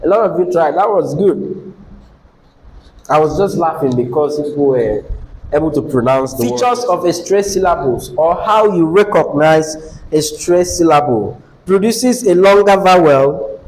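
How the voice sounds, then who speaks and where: Male teacher, high voice, slow and deliberate, faint hiss behind. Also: lively intonation, a little mellow, poor audio. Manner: asks the class questions, repeats key phrases. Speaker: English teacher. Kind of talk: classroom lesson.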